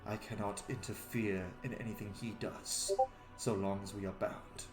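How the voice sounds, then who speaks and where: A man playing a solemn, deep-voiced dragon god. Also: little pitch movement, over music, close to an everyday voice. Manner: solemn, measured. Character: eloquent refined male dragon god. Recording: roomy echo.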